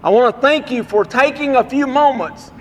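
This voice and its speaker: A man's voice: extremely high pitch, moderate pace, a little hiss or hum. A man preaching a sermon, telling a personal story in a folksy, plain-spoken way. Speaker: traveling revival preacher. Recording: long reverb of a large room.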